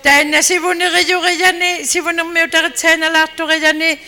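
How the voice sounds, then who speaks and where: Bright, high-voiced sermon interpreter. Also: level tone, quick pace. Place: church hall. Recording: echoey hall. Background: long hall reverb.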